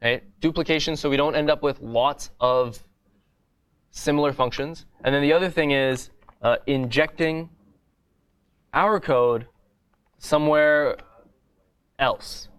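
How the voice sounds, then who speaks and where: A man's voice: on the high side, measured pace, pauses often, fairly bright tone, smooth. A man teaching a coding bootcamp lecture in a classroom, explaining step by step in a casual way and often asking "right?".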